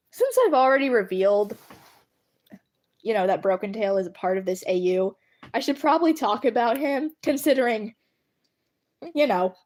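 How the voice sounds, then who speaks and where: A woman streaming live, chatting casually and giggling often as she talks to her viewers. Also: a little high. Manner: giggly, laughs between sentences; animated, addresses viewers. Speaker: livestreamer. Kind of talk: casual chat.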